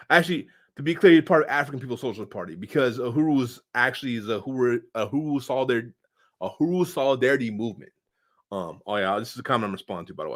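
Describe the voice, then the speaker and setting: Man, online commentator, casual unscripted talk, slangy, lots of fillers, volume jumps up and down. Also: mid-range voice. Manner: loose and slangy, many fillers, sudden swings in loudness.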